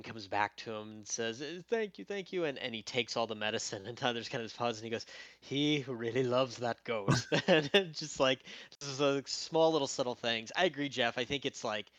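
A man's voice: fairly low pitch, dry recording. A man co-hosting a podcast, talking casually about movies and acting out quotes from scenes. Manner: animated, acts out quotes from scenes. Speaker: podcast co-host. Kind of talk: casual film discussion.

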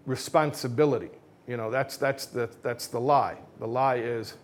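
A man's voice: medium pitch, fairly even intonation, moderate pace. Casual, self-mocking male speaker. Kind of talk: religious talk with jokes.

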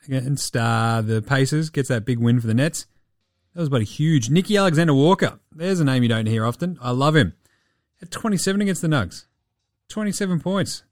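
Male host Australian, sweary, animated, dry close mic. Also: mid-range voice, a little fast, dry recording. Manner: profane, animated, laughing. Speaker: podcast host. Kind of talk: sweary casual sports talk.

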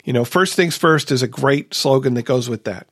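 A man's voice: medium pitch, moderate pace, fairly bright tone, husky, no room sound, clean studio sound. Earnest man hosting a recovery podcast. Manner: earnest, storytelling, rhetorical questions. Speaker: podcast host. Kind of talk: casual recovery podcast chat.

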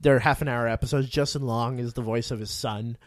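A man's voice: mid-range voice, brisk, no echo, clean studio sound. Young man telling stories, swearing freely. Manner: animated storytelling, heavy swearing, frequent "like". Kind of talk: casual chat.

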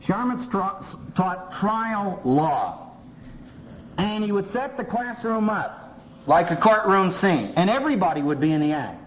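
A man's voice: high voice, a little slow. A man, a seminary professor, lecturing with humor and acting out voices, recorded on an old cassette tape. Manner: humorous, animated, acts out voices. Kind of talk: lively lecture with acted quotes. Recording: dull old cassette tape with faint hiss.

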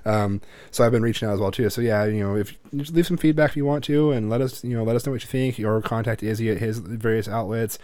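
A man's voice: lowish voice, quick pace, hardly any pauses, mellow, no echo. A man hosting a casual parenting podcast, a parent himself, who talks in a rambling way with lots of fillers and restarts. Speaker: podcast host.

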